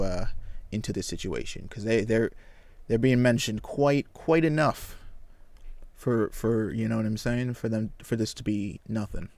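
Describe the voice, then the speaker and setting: A man reading a comic aloud and reacting with excited exclamations and casual slang. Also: lowish voice, no room sound.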